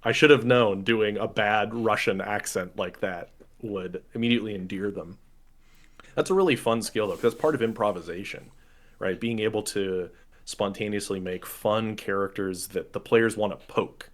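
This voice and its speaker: A man with a fairly low voice talks about running tabletop games on a podcast. He is animated and self-mocking and laughs easily. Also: moderate pace. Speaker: game master, podcast speaker. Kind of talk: casual podcast chat.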